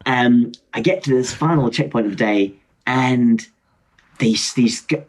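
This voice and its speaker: Rambling young man, husky voice. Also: mid-range voice, a little slow. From Britain. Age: 20s. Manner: animated, rambling, self-mocking, many restarts and asides. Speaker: podcast guest, motorcycle traveller. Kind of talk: casual storytelling chat. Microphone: video call.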